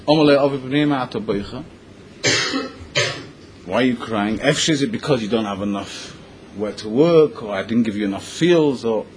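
A man teaching a Talmudic story in English, mixing Hebrew and Yiddish terms into his lively retelling. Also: medium pitch, normal speed, long pauses, slight background noise, low-quality recording. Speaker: Torah teacher.

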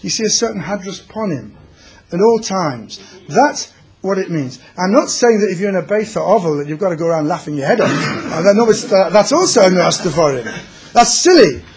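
A man's voice: sits high, very animated, fairly quick, slight background noise. A man teaching a religious class, telling stories and mixing in Yiddish and Hebrew terms.

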